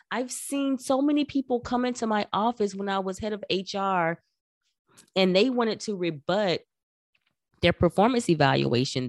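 A middle-aged woman giving career advice in an emphatic, animated talk, acting out quoted remarks. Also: medium pitch, dry recording, clean studio sound. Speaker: career coach. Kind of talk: instructional talk.

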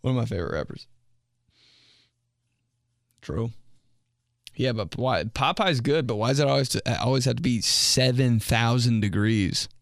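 A young man hosting a solo comedy podcast, rambling and swearing casually and jumping into high mock voices for jokes. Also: expressive, measured pace, long pauses, dry recording, clean studio sound. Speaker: podcast host.

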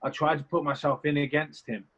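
A man's voice: fairly high pitch, fairly even intonation, fairly quick, a bit bright, breathy edge. A young man guesting on an interview, talking casually, rambling and candid with some swearing. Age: young adult. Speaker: reality competition contestant, guest. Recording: slightly muffled lo-fi audio.

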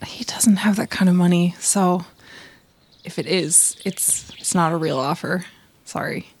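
A woman with a soft, hesitant manner, playing a tabletop game. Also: lowish voice, measured pace, slight background noise. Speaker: player.

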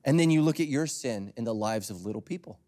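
A man preaching a sermon as a pastor in a conversational, storytelling way, swinging from loud emphasis to near whispers. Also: lowish voice, animated, brisk.

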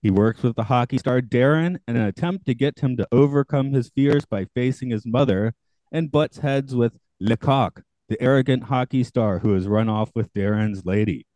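Mellow guy reading a plot summary on a podcast, mid pitch. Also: no room sound, low-quality recording. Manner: measured, reads a plot summary. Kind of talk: casual chat and read-out summary.

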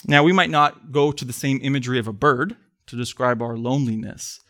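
A man preaching a sermon in church, earnest, swelling to emphatic pleas and then sinking soft. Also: mid-range voice, a little fast. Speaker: pastor.

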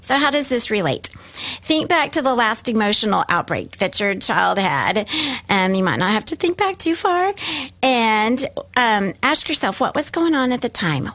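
A woman's voice: fairly high pitch, sing-song, moderate pace, fairly bright tone. A woman hosting a talk, giving parents encouraging advice and speaking directly to her listeners.

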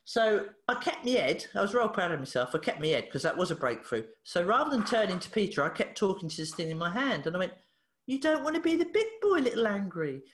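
Animated woman telling a story. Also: fairly low pitch, fast talker, few pauses. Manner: lively, acts out dialogue in different voices, laughs often. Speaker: therapist and podcast guest. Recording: echoey room.

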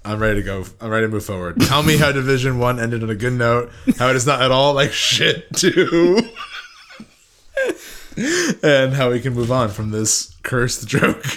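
A man's voice: mid-range voice, brisk, few pauses, fairly bright tone. A man co-hosting a podcast, chatting in a playful, giggly way. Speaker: podcast co-host. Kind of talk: casual chat.

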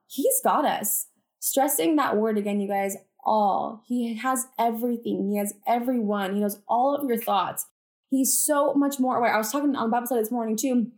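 Her voice fairly high and her pace moderate, a woman hosting a podcast talks about faith to her audience. The talk is chatty and sincere, laced with "like" and "you guys," and punctuated by confident declarations.

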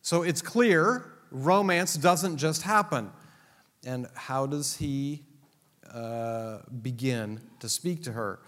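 A man's voice: mid-range voice, slow pace, fairly bright tone. A man teaching a Bible class to a live audience, joking and teasing his listeners as he explains the text. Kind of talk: classroom lecture. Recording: long hall reverb.

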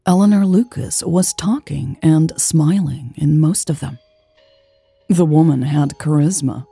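A woman reading an audiobook as narrator, in an even, measured delivery. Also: low-pitched, gravelly, breathy edge, no room sound, soft background music. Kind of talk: scripted narration.

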